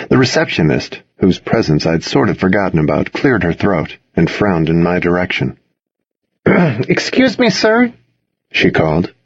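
A man reading a first-person story aloud as an audiobook narrator, at a measured, steady pace. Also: deep voice, husky, no echo, muffled recording.

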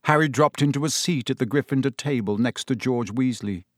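A man narrating an audiobook chapter in a lively, expressive way. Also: medium pitch, a little fast, no echo, clean studio sound.

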